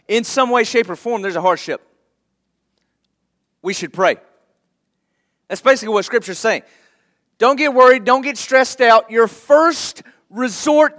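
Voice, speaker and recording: A man's voice: very high-pitched, fairly bright tone. A man preaching a sermon to his church in a conversational way, laughing lightly now and then. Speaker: pastor.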